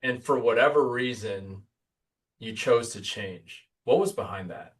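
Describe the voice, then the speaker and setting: A man hosting an interview, with short encouraging interjections and quick asides. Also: mid-range voice. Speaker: podcast host.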